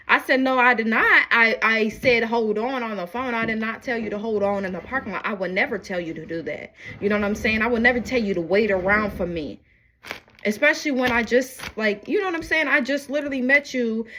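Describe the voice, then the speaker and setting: Woman, bright voice, chatty and animated storyteller, acts out both sides of a phone argument, phone camera in a home kitchen, faint hiss behind. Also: fairly high pitch, poor audio. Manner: repeats "you know what I'm saying", emphatic and faith-filled. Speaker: vlogger. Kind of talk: casual storytelling while cooking.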